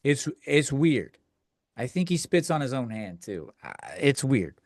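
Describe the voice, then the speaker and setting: A man's voice: medium pitch, big pitch swings, unhurried, no room sound, clean studio sound. A man hosting a comedy podcast, ranting in a crude, profane, rambling way with lots of restarts. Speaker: podcast host. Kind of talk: comedic rant.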